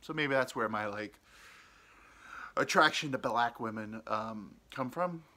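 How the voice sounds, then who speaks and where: A man's voice: mid-range voice, unhurried, pushed and bright. A man hosting a podcast, telling a rambling personal story, hesitant, with many ums and restarts. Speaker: podcast host.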